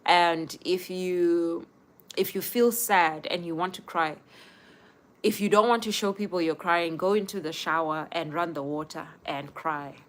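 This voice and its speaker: Speaking a little slowly in a fairly low voice, a young woman on a casual live stream earnestly offers advice straight to her audience.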